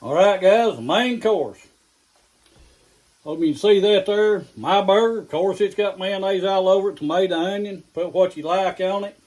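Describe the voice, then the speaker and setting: A man's voice: sits high, normal speed, a little mellow, low-quality recording. A middle-aged man with an East Tennessee accent, hosting a casual home cooking vlog in a folksy, down-home way, sometimes talking while he eats. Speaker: home cooking channel host. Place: home kitchen. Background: food sizzling in a skillet.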